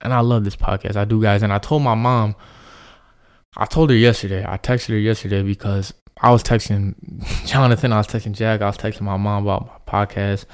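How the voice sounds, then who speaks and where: A man's voice: on the low side, steady tone, a little fast, smooth. A young man hosting his own podcast, talking earnestly and reflectively in a loose, rambling monologue full of fillers. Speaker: podcast host.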